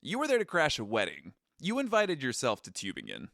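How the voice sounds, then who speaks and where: A man's voice: medium pitch, wildly swooping pitch, fairly quick, gravelly, fairly bright tone, dry recording, studio quality. A man co-hosting a podcast in casual chat, joking and self-deprecating. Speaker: podcast co-host.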